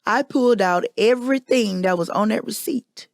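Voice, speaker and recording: A woman's voice: medium pitch, moderate pace, no room sound, clean studio sound. A woman hosting a podcast, telling a personal confession in a candid, emphatic storytelling manner. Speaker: podcast host.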